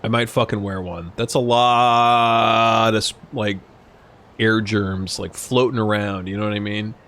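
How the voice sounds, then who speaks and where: A man's voice: fairly low pitch, steady tone, unhurried, a bit bright. A young man streaming and chatting while gaming, a little drunk, rambling, swearing and laughing a lot. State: tipsy from drinking. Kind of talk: casual live-stream chat while gaming.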